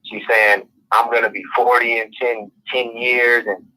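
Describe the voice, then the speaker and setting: A man's voice: mid-range voice, little pitch movement, unhurried, bright, forceful tone. A man from Florida calls in with a question and tells a long, rambling, casual story. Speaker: caller. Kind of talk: phone-in question. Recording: tinny phone line.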